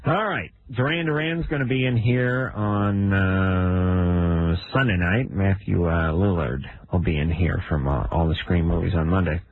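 Sarcastic, husky radio co-host man. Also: measured pace. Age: 30s. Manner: sarcastic ranting, big pitch jumps for bits. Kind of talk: casual comedic radio banter. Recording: narrow phone-like radio sound.

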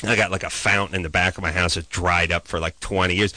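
A man's voice: deep voice, level tone, fast, bright, forceful tone, no echo. A man hosting a podcast, telling a profane, exasperated comic rant about his neighbors. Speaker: podcast host. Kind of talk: comedic ranting storytelling.

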